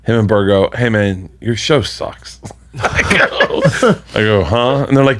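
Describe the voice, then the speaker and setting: A comedian, a man, telling a story in casual chat, animated and profane, acting out what others said. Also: fairly low pitch, unhurried. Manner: animated, profane, acts out quotes. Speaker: podcast guest, comedian.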